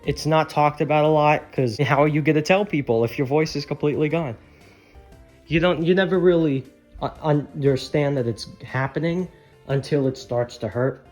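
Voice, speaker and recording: A man's voice: on the high side, moderate pace, darkish tone, soft background music. A man rambling candidly in a casual vlog, swearing often, his voice strained. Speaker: channel creator.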